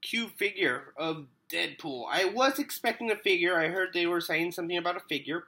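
A man talks casually to camera while sick with a cold, with a bright, cutting edge to his voice. He rambles in a loopy way, loses his train of thought and hums to himself between remarks. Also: high-pitched, brisk, a little hiss or hum. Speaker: vlogger. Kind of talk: casual unboxing vlog.

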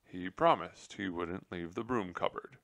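A man reading aloud and voicing a placid, comfortable male mouse husband who speaks calmly and steadily. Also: deep voice, a little slow, dry recording. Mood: sleepy. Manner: calm and steady, mildly firm.

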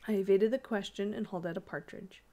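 Woman reader, mid-range voice, measured storytelling narration. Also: mid-range voice, warm tone. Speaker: audiobook reader. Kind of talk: reading a ghost story aloud.

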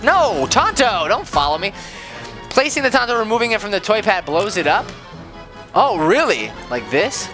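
A man hosting a let's-play, joking excitably as he plays a game, with game music behind him. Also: sits high, fairly quick. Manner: excitable, goofy, jokey. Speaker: gaming channel host.

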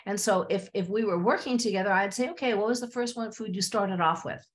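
A woman's voice: medium pitch, brisk. A woman therapist, a podcast guest, telling stories from her practice and acting out the voices of her clients and herself. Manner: animated, acts out client dialogue. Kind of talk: storytelling in a podcast interview.

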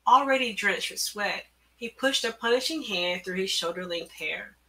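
A woman author reading her own story aloud, measured and careful, at an online event through a computer mic. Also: mid-range voice, expressive, pushed and bright. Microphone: computer mic on a video call.

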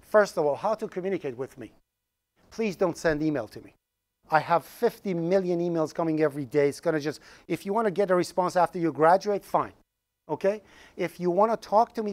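Animated joking college lecturer, man. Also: on the high side. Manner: joking, animated lecturer addressing students directly. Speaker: college programming professor. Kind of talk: lecture to a class. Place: classroom.

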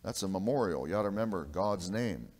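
A man pastor preaching a sermon in a church, emphatic, swinging between loud and hushed and calling out to the congregation for an amen. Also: low voice, animated, a little fast. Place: church sanctuary. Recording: long reverb of a church hall.

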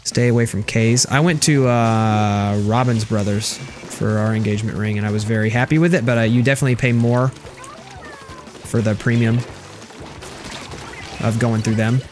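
A young man streams a video game, chatting casually and sarcastically with viewers and reading chat as he plays. His lowish voice holds a steady tone at a moderate pace, heard over music.

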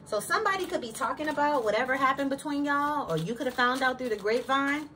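A woman's voice: high voice, animated, fast, bright, forceful tone. A woman giving a casual tarot reading, sassy and slangy, talking straight to her viewers. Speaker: tarot reader. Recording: distant mic with clear background noise.

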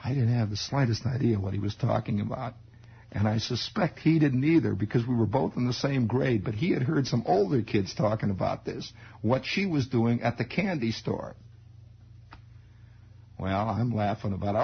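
A man's voice: medium pitch, expressive, moderate pace, vocal fry, breathy edge. A man in his forties from the United States, telling a rambling story as a radio host and laughing at his own tale. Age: 40s. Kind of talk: improvised radio monologue. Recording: dull old radio broadcast.

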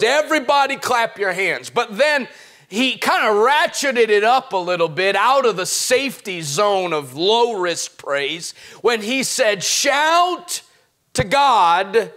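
A middle-aged male pastor preaching a sermon, swinging from quiet talk to impassioned shouts. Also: high-pitched.

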